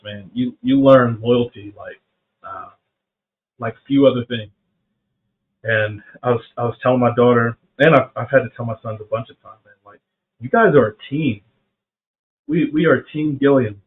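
A middle-aged man from South Carolina hosting a faith podcast, talking casually and earnestly, often saying "man" and restarting his sentences. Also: mid-range voice. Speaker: podcast host. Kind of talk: reflective faith talk. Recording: phone-like narrow band.

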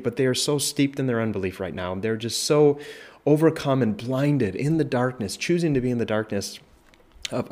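A man's voice: mid-range voice, darkish tone. A man pastor teaching a Bible passage in a conversational way, often asking "right?" and restarting his sentences. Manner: conversational, many "right?" tag questions and restarts, rises when voicing Jesus. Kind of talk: informal Bible study teaching.

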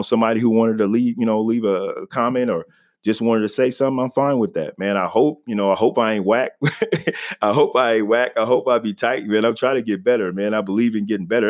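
His solo podcast is loose and chatty, peppered with "you know" and "man," and recorded on a home podcast mic. The man's voice is lowish with a slightly mellow quality.

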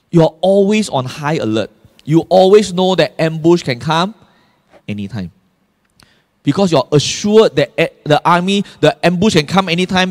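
A man's voice: sits high, long reverb tail. A male pastor, preaching a sermon and pressing the congregation with rhetorical questions. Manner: emphatic, asks the congregation frequent rhetorical questions.

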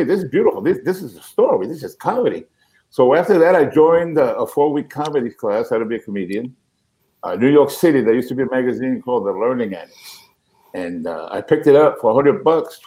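A man's voice: mid-range voice, rough recording. A middle-aged man, a comedian, telling a story in an interview and acting out the voices he quotes. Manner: animated, acts out quotes. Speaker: comedian guest. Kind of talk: storytelling anecdote.

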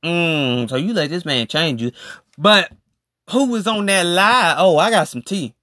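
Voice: unhurried, no room sound, clean studio sound. A podcast host giving a casual, emphatic rant to listeners, swooping up and down for emphasis. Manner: animated, emphatic, swooping up and down in pitch.

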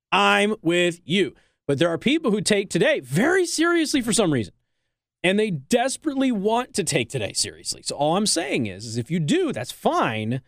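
A man's voice: high voice, no room sound, studio quality. A man hosting talk radio, giving blunt, teasing advice in an opinionated monologue. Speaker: radio talk show host. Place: radio studio.

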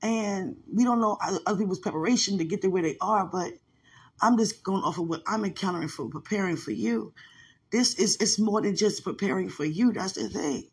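Creaky-voiced woman talking softly to a loved one. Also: medium pitch, brisk. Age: adult with a son. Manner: soft, intimate, thinking aloud. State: emotional, close to tears. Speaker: podcast host. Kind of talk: personal monologue addressed to a loved one.

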